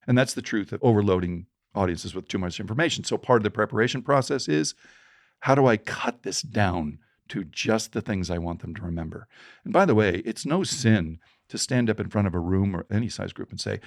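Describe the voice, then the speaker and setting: A middle-aged man with a low, gravelly voice, appearing as a podcast guest, talks through storytelling advice at a brisk pace. He's animated and acts out the people in his stories. The sound is close and dry, with no room sound.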